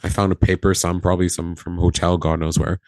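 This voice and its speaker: Brisk and low-voiced, this ex-flight attendant spins a casual story on a podcast, voicing the quoted lines himself and laughing a lot. The recording is dry.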